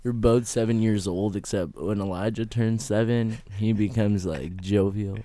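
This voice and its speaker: Animated young man telling stories. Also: fairly low pitch, normal speed, no room sound. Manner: animated storyteller, swears freely. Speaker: podcast guest. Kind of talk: casual chat.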